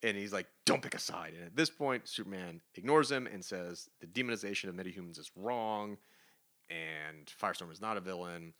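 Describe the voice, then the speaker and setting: Bright-voiced low man recapping comics. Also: fairly quick. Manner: animated recapping, acts out quoted characters. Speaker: podcast co-host. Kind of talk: casual comic review chat.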